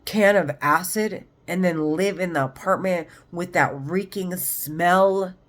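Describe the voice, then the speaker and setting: A woman's voice: lowish voice, takes it slowly. Agitated, rambling woman vlogging. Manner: agitated, rambling, heavy swearing. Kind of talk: monologue vlog.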